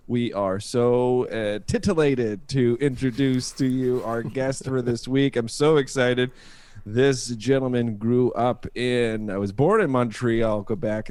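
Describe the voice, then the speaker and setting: A man's voice: medium pitch, darkish tone, smooth, dry recording. Jokey male podcast host, dry sound. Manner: jokey, playful introductions. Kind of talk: casual chat.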